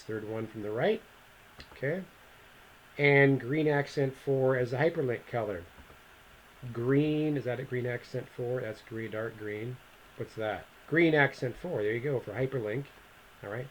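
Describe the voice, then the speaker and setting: Casual man talking through a software tutorial. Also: mid-range voice, slight background noise, rough recording. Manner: casual, thinking aloud, self-correcting. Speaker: instructor. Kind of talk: screen-recorded software tutorial.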